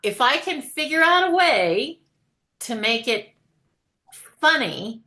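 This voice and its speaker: A woman's voice: sits high, big pitch swings, slow, bright, forceful tone. A woman teacher chatting casually, telling stories and laughing often. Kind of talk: casual conversation.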